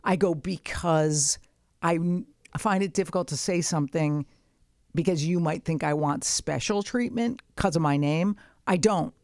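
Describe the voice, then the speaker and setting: A woman's voice: sits low, measured pace, a little mellow, dry recording, clean studio sound. A woman co-hosting a podcast, telling comic stories in a blunt, profane way and acting out both sides of each exchange. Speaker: podcast co-host. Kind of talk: casual comedic storytelling chat.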